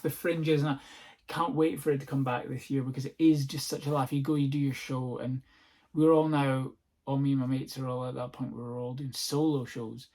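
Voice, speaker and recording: Scottish comic, young, solo home podcast, loose rambling chat, sweary, quick to laugh. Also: male voice, mid-range voice, gravelly, a little mellow, breathy edge. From north-east Scotland. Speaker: comedian and podcast host. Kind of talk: casual solo podcast monologue. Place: at home on a sofa-bed seat.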